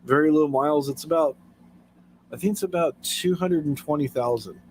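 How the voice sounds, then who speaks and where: A man's voice: on the high side, moderate pace, slight background noise, poor audio. A man hosting a casual late-night livestream, telling stories and chuckling often as he talks. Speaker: livestream host.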